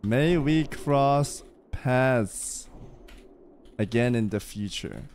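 A man's voice: medium pitch, lively intonation, a little mellow, slight background noise. A man playing a gallant courtly suitor. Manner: slow, grandly formal wooing.

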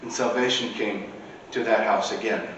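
A man's voice: lowish voice, steady tone, moderate pace, a bit bright, a little hiss or hum. A man preaching a sermon in a church, in a conversational way with casual asides. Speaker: priest. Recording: echoey church recording from far off.

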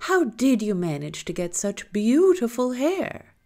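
A woman voicing a very old, gullible mother speaking slowly in a high, quavering voice. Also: sing-song, mellow. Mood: eager.

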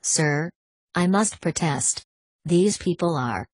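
A woman's voice: lowish voice, animated, takes it slowly, breathy edge, no room sound, studio quality, heavily acted. A woman voicing a stiff, protective male manservant in an audiobook, formal and curt.

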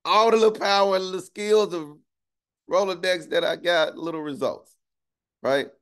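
A man with a high-pitched voice and moderate pace preaches a casual livestreamed sermon. He's conversational and slangy, makes joking asides, and keeps asking his listeners "right?"

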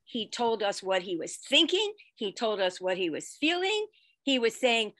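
A woman storyteller telling a personal story expressively, with dramatic swings in loudness. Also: on the high side, big pitch swings, measured pace, no room sound. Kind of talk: storytelling performance.

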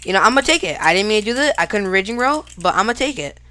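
A woman giving live gameplay commentary, excitable and casual, talking to herself and shouting at big plays. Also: medium pitch, quick pace. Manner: casual slang, talks to self while fighting. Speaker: gaming YouTuber.

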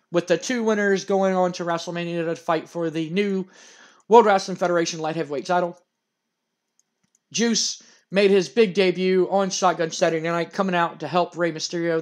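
Casting: man with a fairly high voice, casual let's-play host, rambling recap. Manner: loose, rambling recap with filler "uh"s. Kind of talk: casual game commentary.

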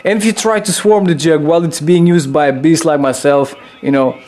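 A young man delivers brisk, loose gameplay commentary brimming with excitement, swearing freely and popping off high yelps.

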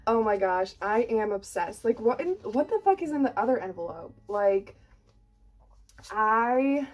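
A young woman in her twenties vlogging an unboxing, gushing and excitable, full of "like" and casual swearing. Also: a little high, a little slow, faint music behind. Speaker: book vlogger and author.

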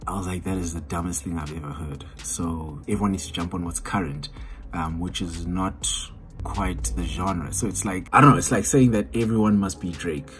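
A man's voice: deep voice, moderate pace. A South African man, an independent hip hop artist, chatting candidly and rambling in a casual vlog recorded on a cell phone at home. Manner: rambling, candid and self-deprecating. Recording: music playing in the background.

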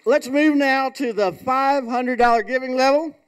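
Man, very high voice, playful fundraiser host with country banter. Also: moderate pace, clear, resonant tone. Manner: joking, playful hillbilly shtick. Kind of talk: folksy live fundraiser emcee. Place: event hall with audience.

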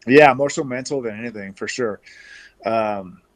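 A man from Canada telling stories as an interview guest over a video call, relaxed and chatty with lots of fillers and restarts. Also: medium pitch, moderate pace. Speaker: interview guest, former pro baseball player.

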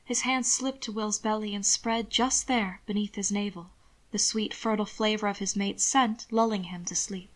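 Woman reading a story aloud softly. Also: medium pitch, fairly even intonation, normal speed. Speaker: narrator. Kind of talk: reading fan fiction aloud.

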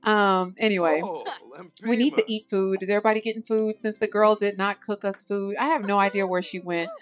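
A woman's voice: medium pitch, fairly even intonation, a little fast, dull audio. Chatty young woman playing a life sim. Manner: chatty, laughs often, voices her characters playfully. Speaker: let's-play host. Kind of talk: casual gameplay commentary.

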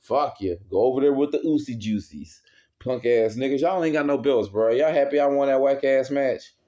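A worked-up wrestling fan reviewer launches into a casual, profane, heated rant. His voice is warm and medium-pitched at a moderate pace, captured in a dull lo-fi recording.

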